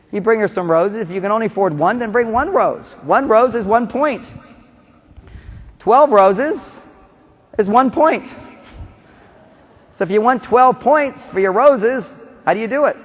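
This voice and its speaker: A man giving a conference talk on relationships, animated, acting out quotes and repeating key phrases. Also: sits high, unhurried, pauses often. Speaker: relationship seminar speaker. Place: large conference hall. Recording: long reverb of a conference hall.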